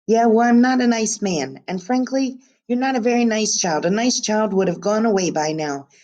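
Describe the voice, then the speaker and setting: A woman reading as a gruff, grumpy man. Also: mid-range voice, moderate pace, mellow, muffled recording, voice pushed up, close to an everyday voice. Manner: gruff, scolding. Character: gruff grumpy middle-aged man, dog walker. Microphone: webcam.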